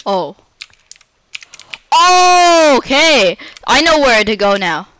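A Minecraft let's-play creator with a high-pitched, bright, sing-song voice talks slowly through her gameplay commentary. She's chatty, breaking into dramatic squeals and panicked, repeated cries.

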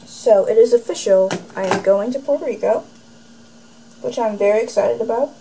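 A woman's voice: on the high side, moderate pace, warm tone, slight background noise, low-quality recording. A teenage girl vlogging to camera from a room at home, rambling and sarcastic, with plenty of "like" in her speech. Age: teens. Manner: rambling and sarcastic, heavy use of "like". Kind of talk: casual chatty vlog. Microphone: camera facing her.

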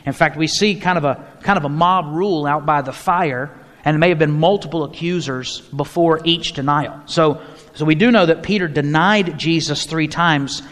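A man's voice: fairly high pitch, moderate pace, fairly bright tone. A man, a pastor, leading a mid-week Bible study in a conversational teaching style, often restarting his phrases and inviting questions from the group. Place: church hall. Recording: long hall reverb.

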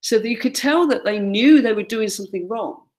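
A woman's voice: on the high side, a little fast. A woman gives a classroom lecture, pointing out pictures and acting out quoted lines. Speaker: teacher.

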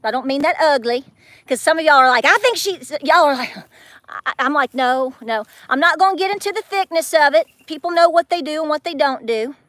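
A woman's voice: high-pitched, expressive, fairly quick, fairly bright tone, no echo, clean studio sound. A woman telling a story to her viewers in a chatty way, acting out quotes with big swings in her voice. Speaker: homestead vlogger.

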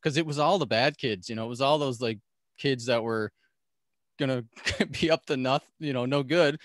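Male podcast guest, mid-pitched, animated storyteller who laughs a lot; close, dry mic. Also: normal speed, no echo. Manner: animated, laughs often, acts out quoted voices. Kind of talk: storytelling in a casual interview.

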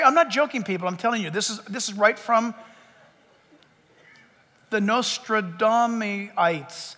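A middle-aged male pastor preaching a sermon in an animated, joking way, with mock quotes. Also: very high-pitched, normal speed, long reverb tail.

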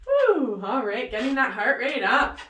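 A woman's voice: a little high, lively intonation, measured pace, a bit bright, slight background noise. A woman leading a workout, upbeat and cheering with whoops and countdowns while she exercises along. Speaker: fitness instructor. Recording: roomy, voice distant from the mic.

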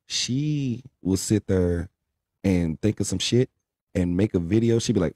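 A young man with a deep, low voice chats on a late-night live stream. He talks bluntly and profanely, preaching at his viewers. His voice sounds dark and close, with no room around it. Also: moderate pace, no room sound. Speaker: livestream co-host. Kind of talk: casual live stream chat.

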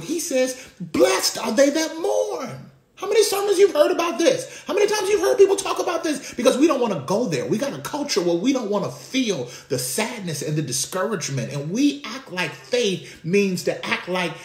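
A man preaching a sermon as pastor, talking in a conversational way with slang. His call-and-response delivery swings from hushed lows to shouting. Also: reverberant.

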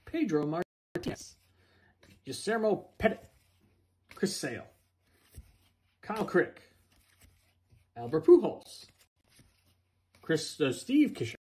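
Man opening card packs, slow pace, lively singsong pitch, calls names one by one. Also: a little hiss or hum. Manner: slow, singsong name-calling with playful asides. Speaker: card breaker. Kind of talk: reading out cards during a box break.

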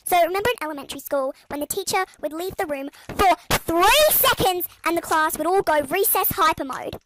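A woman's voice: extremely high pitch, animated, fairly quick, noisy background. A young woman telling school storytime gripes in a sarcastic, exasperated way, with music playing behind. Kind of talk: storytime narration.

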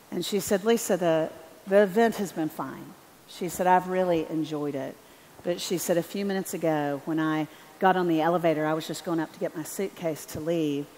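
A woman telling a story in a sermon at a conference, animated and acting out the voices of the people in it. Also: on the low side, moderate pace, slight background noise. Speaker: conference speaker. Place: large arena. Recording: echoey arena with faint ambience.

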